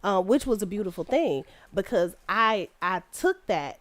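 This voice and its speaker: A woman's voice: medium pitch, lively intonation, a little slow. A woman from Detroit co-hosting a podcast, talking bluntly and profanely in casual chat and laughing easily. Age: adult with kids. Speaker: podcast co-host.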